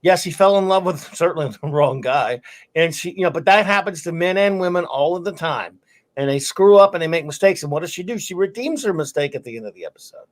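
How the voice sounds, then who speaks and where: A man's voice: a little high, expressive. A man hosting a podcast in casual talk, agreeing often and pressing his points firmly. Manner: agreeable, quick affirmations, emphatic points. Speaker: podcast host.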